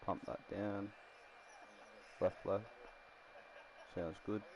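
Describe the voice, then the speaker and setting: A man's voice: fairly low pitch, steady tone, extremely slow, a little mellow, poor audio. A man casually commenting while building a rugby team in a game, rambling and laughing often. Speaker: gaming streamer.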